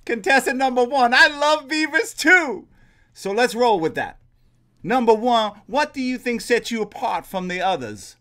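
A man's voice: very high voice, expressive, measured pace, bright, forceful tone, full character voice. A man playing a playful bachelor quizzing contestants on a dating game show in a comedy sketch. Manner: playful, teasing host-like delivery.

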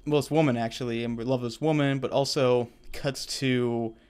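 Smooth-voiced man chatting about a movie. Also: medium pitch, fairly even intonation, moderate pace, a little mellow. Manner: rambling, enthusiastic, laughs often. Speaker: co-host reviewer. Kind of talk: casual unscripted movie review chat.

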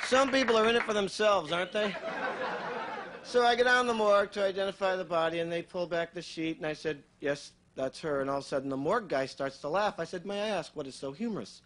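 High-voiced man doing dry stand-up. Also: fast, a faint crowd, a little hiss or hum. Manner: dry, offhand delivery of dark jokes, many "you know" tags. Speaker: stand-up comedian. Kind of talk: stand-up routine. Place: television studio stage with a live audience. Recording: 1980s TV broadcast with audience laughter.

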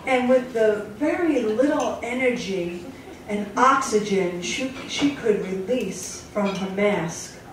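A woman's voice: medium pitch, lively intonation, takes it slowly, a little hiss or hum. A woman doing a stand-up routine on a comedy club stage, telling her stories in a chatty way. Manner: chatty, storytelling delivery. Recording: echoey club from far off, with audience.

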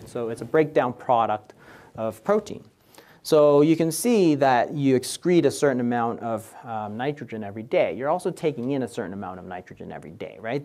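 A man's voice: mid-range voice, darkish tone. A man, a doctor, giving a lecture and walking through slides, constantly checking in with the audience by asking "right?". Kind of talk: presentation lecture explaining slides.

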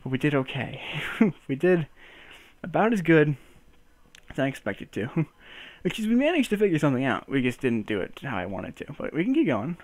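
A man's voice: a little high, very animated, moderate pace, no room sound. A young man talking to himself while learning to juggle, counting throws aloud, laughing at himself and swearing when he drops them. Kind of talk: casual self-talk while practicing.

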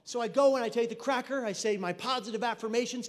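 Animated high-voiced man in a hall. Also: fast. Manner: animated, comic, acts out voices of others. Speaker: mental health speaker. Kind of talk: storytelling keynote talk. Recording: reverberant hall.

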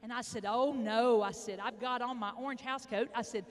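A middle-aged woman with an Arkansas accent giving a motivational speech, telling folksy stories with dramatic pauses. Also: a little high, fairly even intonation. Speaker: motivational speaker. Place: large indoor hall, addressing an audience. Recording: echoey large hall.

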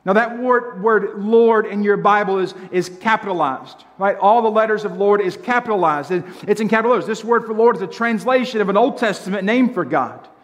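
A man's voice: sits high, lo-fi sound. A man preaching a sermon to a congregation, emphatic and drawing out key phrases, often asking them rhetorical questions. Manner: emphatic preaching with slow drawn-out lines. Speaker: pastor. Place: church sanctuary. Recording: long church hall reverb.

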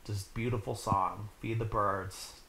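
A man's voice: fairly low pitch, level tone, takes it slowly, creaky. A man hosting a podcast, recapping a film in a chatty, joking way with lots of fillers. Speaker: podcast host. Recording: echoey room with noise.

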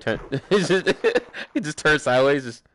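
A man's voice: fairly high pitch, lively intonation, normal speed. A young man chatting casually while playing a game with friends, joking, swearing and humming little tunes. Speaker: gaming streamer. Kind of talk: casual gameplay chat with friends.

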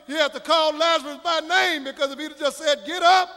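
A man preaching a sermon, swelling into shouted, sing-song preaching cadence, with a gravelly voice. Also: very high-pitched, fairly even intonation, brisk. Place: church sanctuary. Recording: reverberant church hall with faint congregation.

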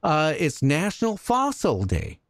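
A man hosting a casual talk radio show, telling jokey stories with lively energy. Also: on the high side, measured pace, dry recording, studio quality. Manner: animated storytelling, jokey.

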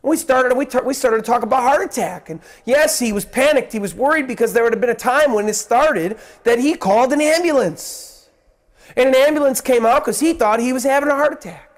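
A male pastor preaching a sermon, telling a story and acting out the voices in it, then dropping low and soft to appeal to the listeners. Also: brisk.

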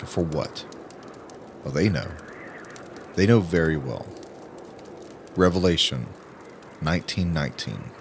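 A man narrating an audiobook in a grave, emphatic way with dramatic pauses. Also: rumbling low, very animated, vocal fry, noisy background. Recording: music playing under the voice.

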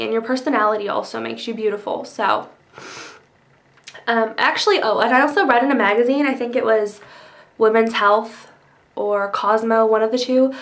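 Young woman vlogging, kinda high voice, chatty with lots of ums and likes, has hiccups. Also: fairly bright tone. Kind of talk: casual answers to a tag video.

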